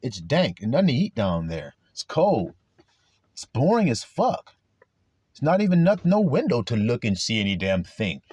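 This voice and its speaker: A man's voice: medium pitch, huge pitch swings, normal speed, a little mellow, breathy edge. A man preaching a sermon to his flock in a blunt, profane way, acting out quarrels in other people's voices.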